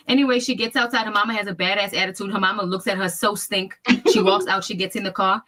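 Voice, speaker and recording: Woman, mid pitch, vivid storyteller who acts out the quotes. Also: fairly even intonation, fast talker, few pauses, pushed and bright. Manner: vivid retelling that acts out other people's words. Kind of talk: personal storytelling in a video.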